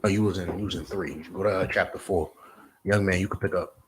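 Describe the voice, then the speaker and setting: A man with a New Jersey accent teaching scripture in an emphatic, profane style, swinging between loud outbursts and low asides. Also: steady tone, quick pace, background noise. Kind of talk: street preaching lesson.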